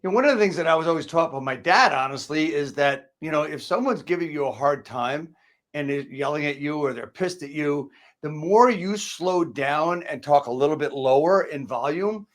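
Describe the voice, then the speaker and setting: A man's voice: a little high, animated, normal speed. A man hosting a casual podcast, asking blunt conversational questions. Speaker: podcast host.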